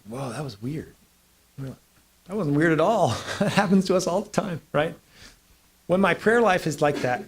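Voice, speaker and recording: Joking, emphatic man giving a lecture. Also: fairly high pitch. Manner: lively, joking, emphatic, with restarts and asides. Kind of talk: lecture with anecdotes.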